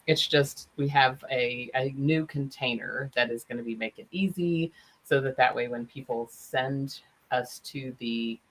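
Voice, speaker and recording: A woman co-hosting a live podcast as a coach, chatty and quick to laugh. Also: a bass voice, poor audio. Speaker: co-host and coach.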